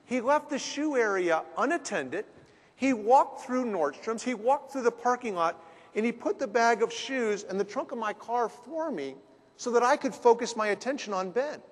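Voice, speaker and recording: A man telling a story as a business speaker, lively, with dramatic pauses. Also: very high-pitched. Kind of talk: storytelling talk. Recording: long hall reverb.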